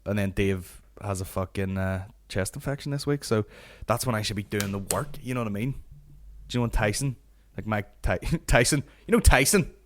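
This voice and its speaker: A man's voice: fairly low pitch, normal speed. A Northern Irish man in his late twenties, hosting a podcast with a sweary, ranting comic monologue. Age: late 20s. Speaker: podcast host.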